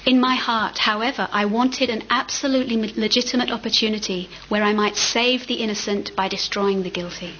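A woman's voice: mid-range voice, fairly even intonation, fairly quick, hardly any pauses, fairly bright tone. A woman reading a story aloud in a casual way, sometimes stumbling over words. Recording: muffled with faint hiss.

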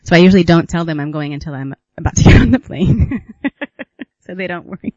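A man giving a reflective talk as a retreat teacher, musing unhurriedly with gentle laughs and pauses. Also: a little high, expressive, no echo, highs cut off. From United States.

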